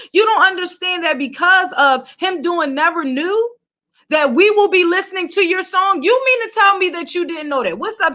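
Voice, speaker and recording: Speaking directly to the camera, this celebrity gossip vlogger from Philadelphia rants with heat and swears as she goes. She has a very high-pitched, sharp-toned voice.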